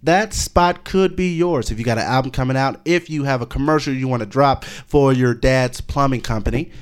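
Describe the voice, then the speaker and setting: A man's voice: medium pitch, normal speed, smooth. A man hosting a radio show in a loose, joking, rambling way. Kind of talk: casual radio chat.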